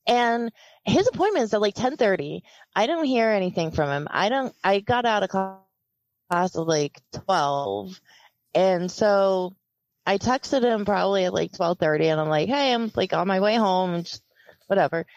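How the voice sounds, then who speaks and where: A woman's voice: medium pitch, unhurried, no room sound, dull audio. A woman casually telling a story on a podcast, quoting people and laughing often. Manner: animated, quotes people in lively voices, laughs often.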